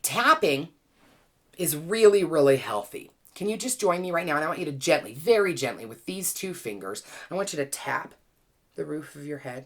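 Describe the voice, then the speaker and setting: A woman teaching a well-being class, gently and playfully guiding listeners through calming exercises with easy laughs. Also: low voice, brisk. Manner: playful, chatty, laughs easily. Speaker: wellness teacher and author.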